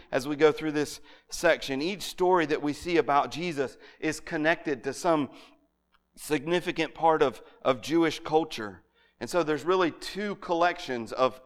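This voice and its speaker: A man's voice: medium pitch, fairly bright tone. A man teaching a lesson on scripture in an earnest, emphatic way, often restarting his words. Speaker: Bible teacher. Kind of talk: lecture on scripture.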